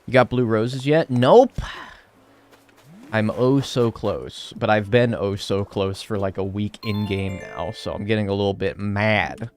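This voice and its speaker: A man's voice: lowish voice, a little slow, soft background music. A young man live-streaming a game, chatting casually and sarcastically with chat and swearing now and then.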